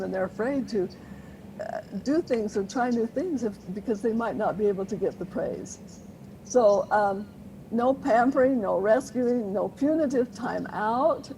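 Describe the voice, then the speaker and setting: A woman explaining parenting ideas as an interview guest, earnest and teacherly, with light laughs now and then. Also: medium pitch. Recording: noisy interview recording.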